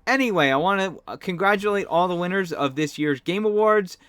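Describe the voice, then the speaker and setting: Male podcast host, slightly high voice, excitable and laughing, just getting over a cold. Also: fairly quick, smooth, no room sound. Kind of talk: casual solo podcast commentary.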